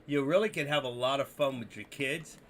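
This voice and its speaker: A man hosting a live trading stream, talking to viewers in an excitable, rambling, joking way. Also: mid-range voice, brisk, slight background noise. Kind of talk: casual live-stream commentary.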